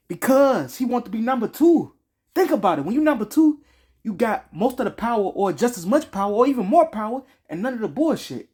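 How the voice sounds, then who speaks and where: A man's voice: very high voice, very animated, a little fast, a little mellow, slightly rough. A man giving a casual game review, slangy and profane, rambling with frequent restarts.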